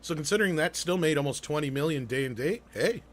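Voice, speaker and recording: A man's voice: on the high side, lively intonation, fast talker. A man co-hosting a live online talk show, chatting casually, rambling with fillers, restarts and the odd swear. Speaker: podcast co-host. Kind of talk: casual live-stream chat.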